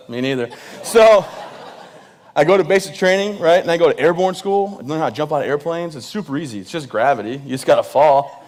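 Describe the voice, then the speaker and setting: A man's voice: fairly high pitch, fairly quick, darkish tone. A man in his thirties, a veteran guest speaker, telling funny stories to an audience and laughing at his own jokes. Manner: addresses the crowd directly and energetically. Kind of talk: humorous storytelling speech to an audience.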